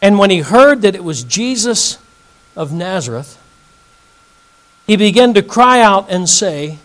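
A man's voice: sits high, lively intonation, unhurried, long pauses, fairly bright tone, rough recording. A male pastor teaching an evening Bible lesson, reading scripture aloud and putting questions to his audience.

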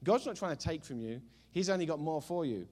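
A male pastor delivering a sermon in a humorous, storytelling way. His voice sits somewhat high and the words come quickly. He lands his points with emphatic bursts. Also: expressive, a little mellow.

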